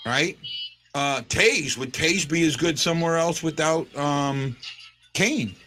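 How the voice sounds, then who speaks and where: A man's voice: fairly high pitch, slow, pushed and bright, faint music behind. A man hosting a casual sports chat, rambling with lots of fillers and restarts. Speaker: podcast host.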